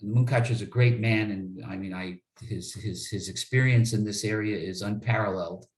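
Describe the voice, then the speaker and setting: A man's voice: lowish voice, fairly even intonation, normal speed, roomy sound. A man, an attorney being interviewed, telling stories in an earnest way and often repeating words as he starts a sentence. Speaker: attorney guest. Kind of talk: interview storytelling.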